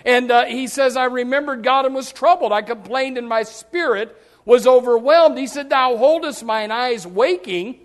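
A man's voice: very high-pitched, moderate pace. A man preaching a sermon in a folksy way, with many restarts, acting out what people say. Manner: folksy, repetitive restarts, acts out quotes. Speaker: pastor.

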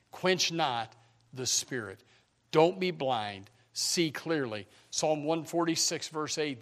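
A man preaching a sermon with emphatic repetition, swinging from hushed to loud. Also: on the high side.

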